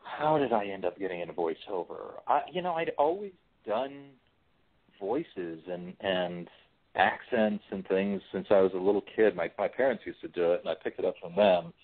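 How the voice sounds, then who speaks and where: A low-voiced man chats easily as an interview guest, often restarting his sentences. His voice comes through a thin, phone-like line that cuts the lows and highs. He sounds relaxed and unhurried, like a working writer and voice actor. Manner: relaxed, chatty, frequent restarts. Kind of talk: casual interview chat.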